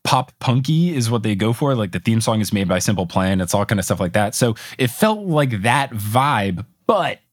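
A man co-hosting a casual podcast, recapping a cartoon episode with animated storytelling and chuckling asides. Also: fairly low pitch, normal speed, few pauses, dry recording, studio quality. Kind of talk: casual chat.

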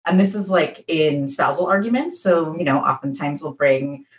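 Outspoken lower-voiced woman, roomy sound. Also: moderate pace. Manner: outspoken, animated, laughs while telling stories. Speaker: podcast guest, lawyer. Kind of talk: casual chat. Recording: roomy echo.

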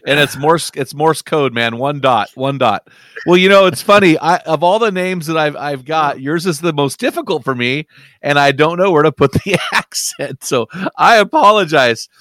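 A man hosting a faith podcast, upbeat and teasing, with some halting fillers. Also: a little high, animated, a bit bright, no room sound. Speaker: podcast host. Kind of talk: casual podcast chat.

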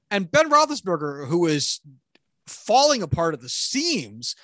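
Profane, animated football-fan rant. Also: mid-range voice, no room sound. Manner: furious, profane ranting; exasperated, sarcastic. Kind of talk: sports rant.

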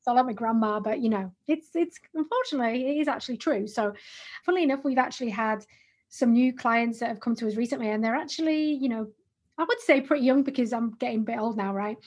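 Chatty woman, husky voice. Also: a little high, fast talker. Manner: chatty, animated, repeats and restarts words. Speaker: podcast co-host. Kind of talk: casual business podcast chat.

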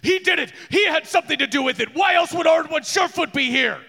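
A man's voice: very high-pitched, animated, fast, vocal fry, bright, forceful tone, voice pushed up, full character voice. A man voicing a furious, jealous noble dwarf father who rants and hurls accusations in a tabletop game. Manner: ranting, accusing. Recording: echoey room with long reverb.

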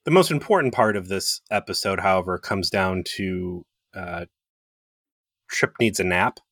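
Man, podcast co-host, deep voice, bright edge, joking and profane, dry close sound. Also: measured pace, no echo. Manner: profane, joking, retells scenes with quoted voices. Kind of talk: casual review chat.

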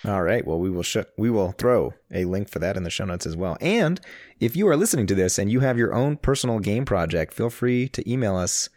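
A man hosts a podcast in a casual, loose manner, his voice sitting a little low. It is recorded close and dry. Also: expressive, a little fast, a little mellow, no room sound. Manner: easygoing, rambling. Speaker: podcast host.

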